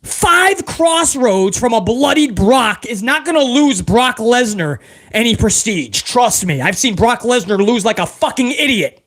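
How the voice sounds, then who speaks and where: A man hosting a live review stream, reading out viewer questions and answering in a loose, profane, animated way. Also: very high-pitched, unhurried. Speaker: host.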